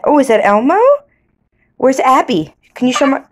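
A mother coaxing her toddler with slow, sing-song questions. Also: sits high, slight background noise.

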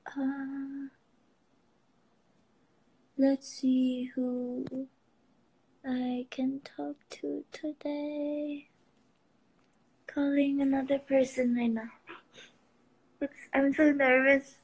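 A woman's voice: sits high, little pitch movement, very slow, pauses often, darkish tone. A young woman hosting a live stream from her phone, chatting with fans in an emotional, giggly and teary way. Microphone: phone, video call.

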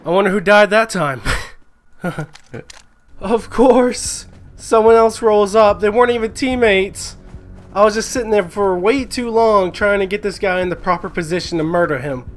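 A young man giving live, excitable commentary on a game he plays, swearing and yelling when surprised. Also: high voice, normal speed, faint music behind. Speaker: gaming commentator.

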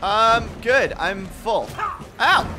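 A man co-hosting a gaming video, chatting casually through gameplay and breaking into excited shouts and cheers. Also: sits high, drawn-out words. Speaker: gaming channel co-host. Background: game music.

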